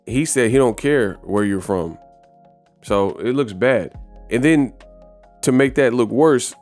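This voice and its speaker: Emphatic man hosting a boxing news vlog. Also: medium pitch. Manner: animated, emphatic, repeats words for stress. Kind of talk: casual commentary vlog.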